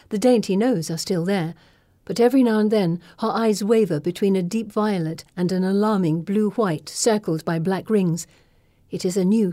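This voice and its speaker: A woman reading first-person scripted narration in a measured, dramatic way. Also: mid-range voice, warm tone, dry recording, clean studio sound. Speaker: audiobook narrator.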